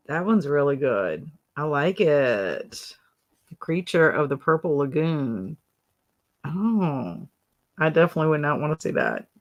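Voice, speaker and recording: A woman hosting a casual livestream, laughing often, exclaiming and reading out viewer comments. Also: fairly low pitch. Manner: giggly, exclaims often, reads chat comments. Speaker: livestream host.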